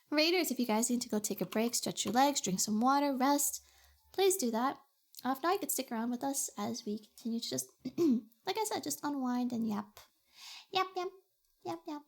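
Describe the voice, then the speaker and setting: A young woman chatting playfully with her viewers on a live stream, giggling often. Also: a little high. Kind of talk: casual live-stream chat.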